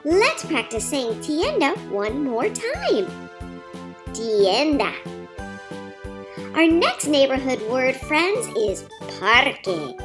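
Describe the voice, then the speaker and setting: A bubbly young girl teacher, as a woman plays her, leading a kids' lesson with a very high voice that leaps all over the place. She speaks slowly and clearly, coaxing little viewers to repeat each word. Light children's music plays behind her. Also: full character voice. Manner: sing-song, encouraging, slow and clear for small kids. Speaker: teacher of Spanish words.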